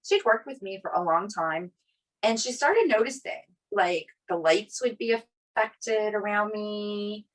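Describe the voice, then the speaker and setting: A woman's voice: mid-range voice, a little slow. A woman co-host tells a personal story in easy, chatty podcast talk. She leans on "like" as a filler and acts out the people she quotes, her voice rising and falling a lot. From Italian family. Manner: animated storyteller, quoting others with many "like" fillers. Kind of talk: casual storytelling chat.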